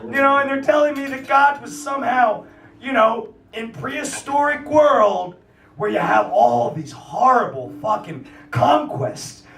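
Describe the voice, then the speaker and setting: This MC's voice is extremely high and fairly bright, a little slow, with lively intonation, picked up by a far-off mic in an echoey room. Running a live music night in a small cafe, he rants with swearing and plenty of filler, then brings on the next act.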